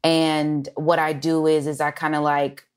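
A low-pitched woman from Los Angeles, a comedian talking in a relaxed interview. She tells her stories with lively energy, swears freely, and slips into acted-out quotes of other people. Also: measured pace, smooth. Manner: animated storyteller, swears freely, acts out quotes. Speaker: comedian and writer, guest. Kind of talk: casual interview storytelling.

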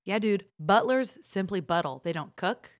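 A woman comedian and writer appearing as a podcast guest, chatting casually with deadpan, absurd jokes. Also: medium pitch, normal speed, no room sound, studio quality.

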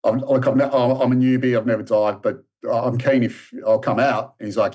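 A man's voice: medium pitch, steady tone, normal speed, darkish tone, slightly rough. An Australian man in his thirties, a guest telling a long story in a casual interview, full of restarts and fillers. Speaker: podcast guest, strength and conditioning coach.

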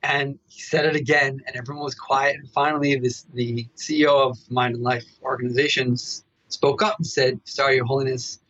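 A man telling a story as a meditation researcher guest in a podcast interview. He talks in an animated way and keeps tagging his asides with "right?". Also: medium pitch, moderate pace, few pauses, dry recording, lo-fi sound.

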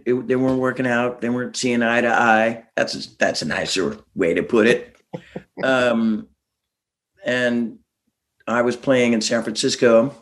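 A man, a musician guest, telling stories in a rambling way with many restarts and chuckles. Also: fairly low pitch. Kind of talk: casual interview storytelling.

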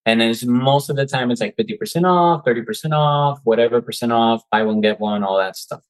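A seller turned coach, appearing as a guest on an interview show, chats casually and acts out his own quoted reactions. His medium-pitched voice is brisk, and the recording quality is low.

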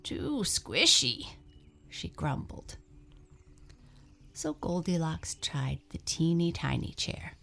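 A woman reading a children's storybook aloud, slow and expressive, dropping into soft breathy asides. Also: low-pitched.

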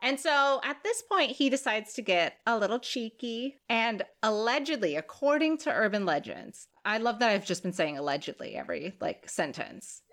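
A woman's voice: medium pitch, sing-song, moderate pace, few pauses, a bit bright. A woman podcast host telling a story in casual, profane, joking chat, sick with covid.

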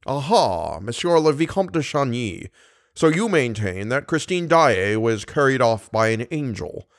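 A man reading an audiobook, voicing a skeptical police commissary with a measured, ironic, solemn manner. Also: mid-range voice, very animated, dry recording, clean studio sound.

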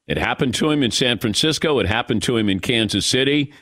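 A middle-aged man hosting sports talk radio, spinning a story with a lively, swooping pitch. He jokes at his own expense, and the sound is dry and close to the microphone. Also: brisk, dry recording. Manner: animated storytelling, self-mocking, emotional. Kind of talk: casual radio monologue.

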